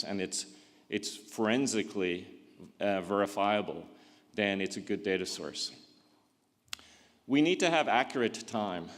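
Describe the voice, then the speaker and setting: A man with a fairly low voice gives a conference presentation. He often restarts and repeats words while working out his point. His voice rings with the long reverb of a large hall. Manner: thinking aloud with frequent restarts and repeated words. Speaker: conference speaker. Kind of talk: conference talk.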